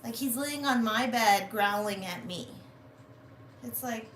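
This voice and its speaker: A woman chats to her viewers from home in a casual, chatty way, swearing now and then. Her voice sits a bit high and she drawls her words slowly. The phone recording has an echoey room and faint hiss. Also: a bit bright. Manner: chatty, swearing, drawn-out complaining. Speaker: vlogger. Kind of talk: casual vlog chat. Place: at home indoors.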